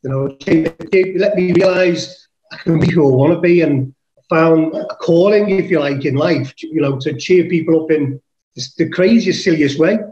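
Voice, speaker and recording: A high-voiced man from England tells a wild story as a podcast guest. He swears freely and puts on the voices of the people in it. The sound is dull and echoey, as if from a room far off the mic. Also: normal speed, a little mellow. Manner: swears casually, acts out his own quotes. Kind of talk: animated storytelling.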